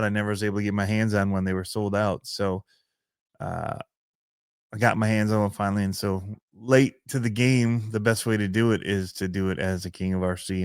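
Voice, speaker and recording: Man, Michigan accent, casual podcast chat, rambling, smooth lowish voice, dry close sound. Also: dry recording. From Michigan, USA. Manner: rambling, laughs often, self-deprecating. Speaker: podcast host and RC channel creator.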